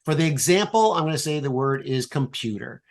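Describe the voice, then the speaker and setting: A man guest on a podcast, explaining an improv exercise in a playful, animated way and swearing casually. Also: on the high side, a little fast.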